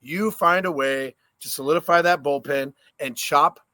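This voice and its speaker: Male co-host, ex-player, bright forceful tone, dry sound, casual swearing storyteller. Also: a little high, moderate pace, no echo. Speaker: podcast co-host, former player. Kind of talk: casual sports chat.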